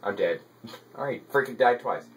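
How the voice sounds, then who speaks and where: A man giving casual gameplay commentary as a let's play gamer, excitable and quick to mock his own frustration. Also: mid-range voice. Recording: distant mic with game music behind.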